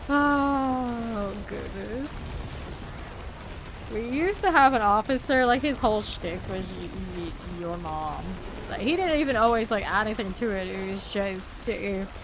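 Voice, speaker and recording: A woman's voice: medium pitch, lively intonation, a little slow, noisy background. A woman streaming a game and chatting casually with her viewers, laughing often as she reads and answers chat.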